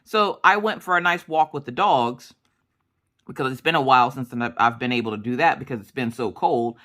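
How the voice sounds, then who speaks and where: A woman's voice: rumbling low, normal speed, a bit bright. A woman in her thirties chatting casually while she crafts, rambling through family stories and acting out the dialogue. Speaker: crafting vlogger.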